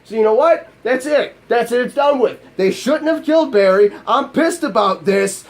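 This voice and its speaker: A man's voice: very high-pitched, animated, moderate pace. A man ranting in an angry, profane and exasperated way, with self-mocking asides, as a gaming YouTuber. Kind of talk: angry vlog rant.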